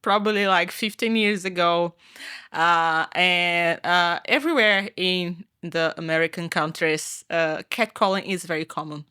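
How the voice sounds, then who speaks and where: A woman tells stories as a podcast guest in a bright, clear-edged voice. She talks haltingly, full of fillers and restarts. The sound is dry and close. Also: on the low side, no room sound. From Brazil. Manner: halting, many uh fillers and restarts, laughs while telling stories. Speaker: guest, MMA fighter. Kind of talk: casual podcast storytelling.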